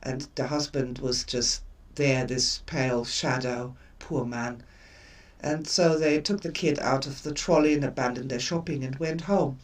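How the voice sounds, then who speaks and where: An older woman hosting a live stream, telling stories in an expressive way and repeating words for emphasis. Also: rumbling low, unhurried, far from the mic. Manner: expressive storyteller with emphatic repetition. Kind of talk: casual spoken talk.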